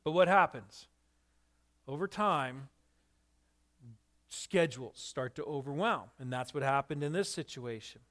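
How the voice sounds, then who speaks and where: Brief: pastor, male, higher-pitched, lively storyteller who puts questions to the room. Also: measured pace, long pauses. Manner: animated, asks the listeners questions. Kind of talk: sermon storytelling.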